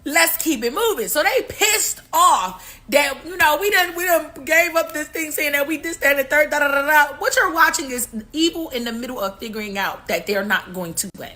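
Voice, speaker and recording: Middle-aged woman host, casual livestream chatter, lively and profane, bright tone. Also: high-pitched, moderate pace. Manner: animated, profane, swearing and slangy. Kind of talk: casual live-stream commentary.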